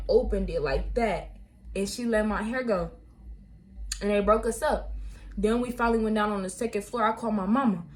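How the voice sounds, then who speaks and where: A young woman, telling viewers a storytime vlog in animated, slangy talk. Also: mid-range voice, slight background noise. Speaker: vlogger.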